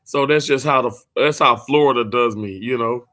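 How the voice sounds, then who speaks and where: A man from Mississippi, a little hoarse, chatting casually and playfully with livestream viewers from a hotel room, laughing often and drawing words out. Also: medium pitch, moderate pace, pushed and bright. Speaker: livestream host.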